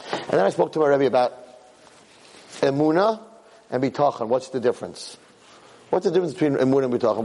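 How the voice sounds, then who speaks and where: A man giving a Torah class as a lively, emphatic storyteller who keeps jumping into character voices, in an echoey hall. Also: medium pitch, creaky, a little hiss or hum. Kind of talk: animated Torah lecture with storytelling. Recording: echoey hall with long reverb.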